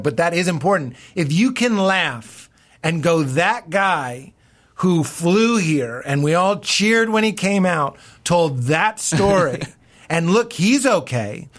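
A comedian man talking loosely on a podcast, his voice sitting a bit on the high side. He laughs easily and throws himself into quoted lines with sudden high jumps. The talk is playful and fast-moving. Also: big pitch swings, fairly bright tone. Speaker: comedian guest. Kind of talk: casual podcast chat.

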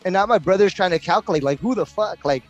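A middle-aged man drifts through a story in an easygoing podcast chat, his voice sitting a little high for a man. He rambles and fills every pause with "like" and "you know". Faint music runs underneath. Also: lo-fi sound. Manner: laid-back, rambling, heavy use of "like" and "you know". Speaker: podcast host.

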